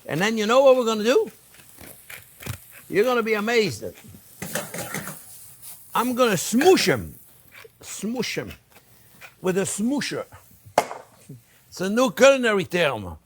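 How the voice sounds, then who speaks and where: A man hosting a cooking demonstration in a kitchen, chatty and animated, talking to viewers as friends. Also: sits high, a little slow, pauses often, a little hiss or hum. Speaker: chef and host.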